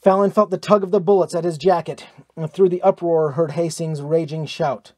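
A man's voice: fairly high pitch, steady tone, normal speed, a little mellow, no echo, studio quality. A man narrating a pulp adventure audiobook in a dramatic, driving manner.

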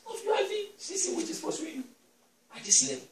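A man preaching a sermon as an apostle, telling stories that build into shouted declarations, in a church hall. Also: very high-pitched, wildly swooping pitch, brisk, noisy background. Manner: storytelling that swells into shouted declarations. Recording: echoey church hall, distant mic.

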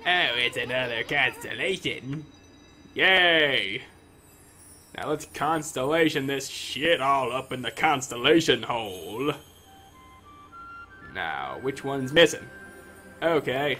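A man's voice: medium pitch, expressive, takes it slowly, long pauses, pushed and bright, soft background music. A man giving casual, sarcastic commentary while playing through a video game. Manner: sarcastic, joking asides. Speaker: gamer commentator.

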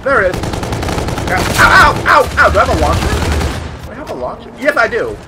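Young male gamer, high and animated, excitable and foul-mouthed, game noise behind. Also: fast. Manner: excitable, swears a lot, yelps at hits. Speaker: gaming YouTuber. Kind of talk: casual gameplay commentary.

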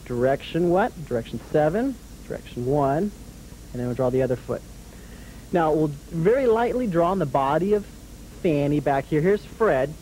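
Hosting a children's drawing lesson, a man with a fairly high, lively voice and a dark tone patiently walks his young viewers through each step, asking encouraging questions and chuckling often as he draws. He speaks at a normal speed, and the low-quality recording has slight background noise.

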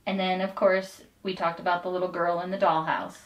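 A woman co-reviewing a haunted attraction in casual chat, animated and upbeat. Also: lowish voice, fairly quick, far from the mic. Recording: echoey room, a bit off-mic.

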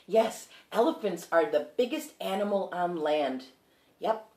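A woman's voice: fairly low pitch, expressive, measured pace. A woman hosting a children's music show, singing songs and teaching about animals, encouraging the kids as her friends. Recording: echoey room with loud guitar.

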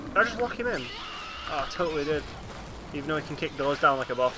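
A man recording let's play commentary on a horror game, swearing and yelling when startled and reading in-game notes aloud in a flat voice. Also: fairly high pitch, fast talker, background noise. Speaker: gaming channel host.

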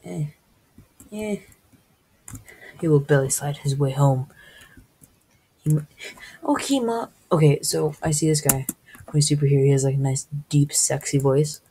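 A woman's voice: deep voice, a little slow, pauses often, dark tone, husky, poor audio. A woman hosting a casual let's-play video, exclaiming and gasping at the game. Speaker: gaming video host.

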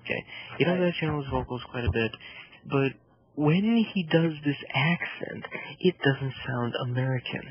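A man's voice: medium pitch, normal speed, slightly rough. A man co-hosting a casual film review podcast, ranting animatedly about a movie. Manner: animated, ranting, mimics voices. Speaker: podcast co-host. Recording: dull lo-fi podcast audio.

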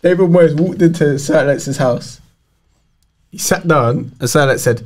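A man's voice: fairly high pitch, normal speed. A man hosting a casual football podcast chat, telling stories and quoting others. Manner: animated, storytelling with laughs and quoted voices. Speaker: podcast host.

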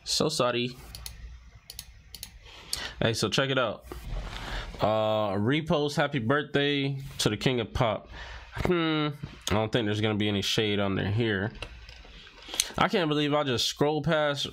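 Casual male commentator, unhurried delivery, mumbles through captions as he scrolls. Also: mid-range voice, fairly bright tone, slight background noise. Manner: reads captions aloud, muttering and reacting. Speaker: commentary vlogger. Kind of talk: casual commentary while scrolling social media posts.

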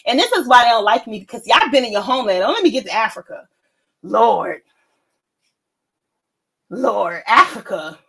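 A woman with a high, lively voice hosts a casual stream. She tells stories in a brash, animated way, roasting the people in them. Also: breathy edge, low-quality recording. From United States. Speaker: livestream host. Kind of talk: casual storytelling chat.

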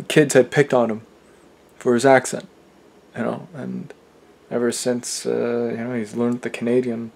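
A young man hosting a casual personal vlog, talking in a soft, earnest and halting way. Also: mid-range voice, gravelly. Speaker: channel host.

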